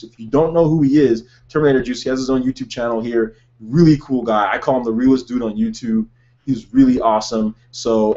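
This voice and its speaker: A man's voice: medium pitch, darkish tone, highs cut off. A man hosting a gaming channel, talking casually and eagerly to viewers, rambling with fillers, a little out of breath. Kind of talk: casual vlog talk to viewers.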